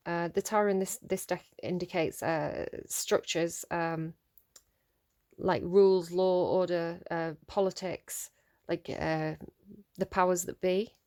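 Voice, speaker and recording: A woman giving a casual spoken tarot reading, chatty and animated, with lots of fillers and mild swearing as she scolds the cards. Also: lowish voice, takes it slowly. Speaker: tarot reader.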